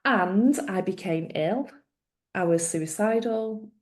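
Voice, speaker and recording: A woman's voice: mid-range voice, slow. A middle-aged woman, a guest telling her story in conversation and acting out the dialogue she quotes. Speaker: guest, former social worker.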